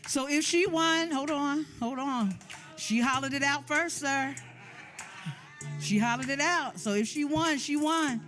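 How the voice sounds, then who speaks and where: A woman emceeing a community event, hyping the crowd with energetic call-and-response and running games. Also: high-pitched, unhurried, faint music behind. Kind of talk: crowd hype and game hosting. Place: large event room with tables.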